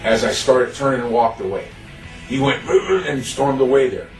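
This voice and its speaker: A man's voice: mid-range voice, animated, normal speed, distant mic, music in the background. Rambling man in an echoey room. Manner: rambling, blunt, quotes himself. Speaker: interviewee. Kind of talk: casual storytelling. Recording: echoey room, away from the mic.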